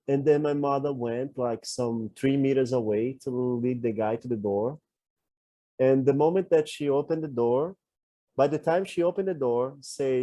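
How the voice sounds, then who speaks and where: A man's voice: medium pitch, normal speed, mellow, dry recording. A man co-hosting a podcast, telling a personal story in an earnest, self-reflective way. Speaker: podcast co-host. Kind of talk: candid conversational podcast talk.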